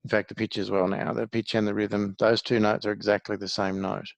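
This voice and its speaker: Man, music teacher, patient step-by-step explaining, gravelly voice, dry close sound. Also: fairly low pitch, little pitch movement, fairly quick, no room sound. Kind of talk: one-to-one music lesson.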